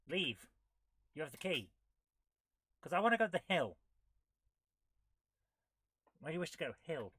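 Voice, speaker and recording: A woman with a low, bright, forceful voice hosts a retro gaming channel, recorded dry. During live gameplay commentary she reads the game's text aloud and drops wry, dry asides as she plays.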